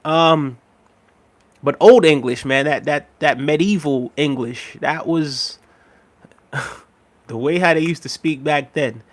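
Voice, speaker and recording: A man with a slightly high voice chats casually on his live stream. He reads out viewer messages, laughs often and rambles, repeating his phrases. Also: slow, pauses often.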